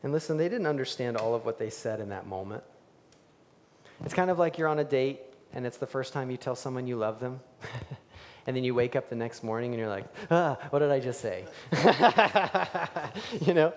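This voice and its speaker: A male pastor preaching a sermon, animated, swinging between loud emphasis and hushed, near-whispered lines. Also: medium pitch, brisk, in a large hall.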